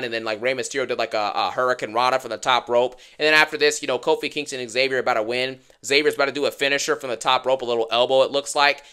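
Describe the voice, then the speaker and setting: Fast-talking man ranting about wrestling. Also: medium pitch, bright, forceful tone, clean tone. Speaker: wrestling YouTuber. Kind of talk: wrestling show review rant.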